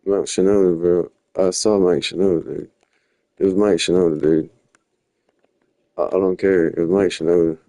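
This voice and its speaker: A young man talks on a live stream, wandering loosely from one story to the next in casual slang. His voice sits very low. The sound is dry and close, with no room around it. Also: little pitch movement, moderate pace, pauses often, warm tone, no room sound. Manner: rambling, slangy, drifting storytelling. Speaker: livestreamer. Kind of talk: rambling live-stream chat.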